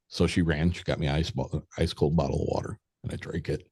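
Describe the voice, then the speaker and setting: A man with a very deep, low voice, recorded close and dry with no room sound. He is a podcast guest telling a story in a loose, candid way. He swears freely and slips into quoted conversations. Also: fairly even intonation, quick pace, hardly any pauses, a little mellow, husky, no echo. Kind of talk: casual spoken storytelling.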